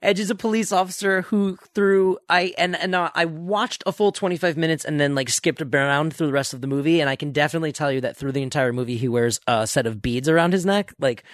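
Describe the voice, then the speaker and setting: A man's voice: on the high side, fast talker, hardly any pauses, no room sound, studio quality. A man co-hosting a podcast in casual chat, rambling and joking, often trailing off mid-thought. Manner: rambling, jokey, trails off and restarts. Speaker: podcast co-host.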